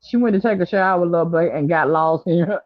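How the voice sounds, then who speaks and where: A livestream chat host talking in a halting, somber way, with many pauses and fillers. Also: medium pitch, no room sound, lo-fi sound.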